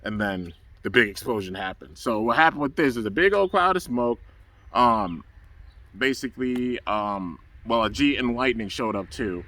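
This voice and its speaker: A man casually recapping an animated episode in a loose, rambling way, full of fillers and bursts of excitement. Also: mid-range voice, moderate pace. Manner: rambling, loose and enthusiastic, full of "um" and "you know". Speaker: anime episode reviewer.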